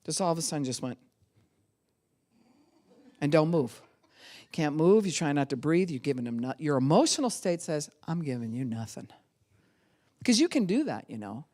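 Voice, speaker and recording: A woman's voice: low-pitched, normal speed, long pauses. A middle-aged woman, a pastor teaching in a sermon, telling stories and acting out little voices. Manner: animated storytelling, acts out voices of babies and dogs.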